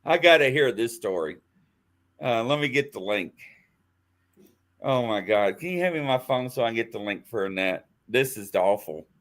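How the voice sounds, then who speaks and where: A man's voice: mid-range voice, lively intonation, moderate pace, a bit bright. A man hosting a live chat show, laughing a lot and talking. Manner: laughs a lot, spelling out names while typing. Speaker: show host. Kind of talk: casual live-stream chat.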